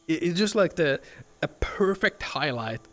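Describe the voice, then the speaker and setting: A man's voice: on the high side, expressive, a little slow, fairly bright tone, faint music behind. A man streaming, ranting casually with lots of swearing and filler words. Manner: rambling, profane, fillers "like" and "man". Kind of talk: casual chat.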